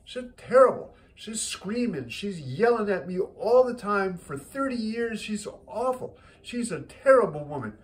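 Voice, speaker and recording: A man's voice: high voice, very animated, unhurried, few pauses, pitched above the performer's own voice, poor audio. A man voicing a blunt older Italian widower who speaks broken English and drops his verb endings. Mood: worked up.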